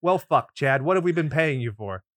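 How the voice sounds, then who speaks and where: A man's voice: a little high, lively intonation, moderate pace, fairly bright tone, no room sound. A man co-hosting a movie podcast, recapping a film with sarcastic, teasing banter and frequent swearing into a studio mic. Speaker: podcast co-host. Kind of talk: casual movie recap chat. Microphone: pop filter studio mic.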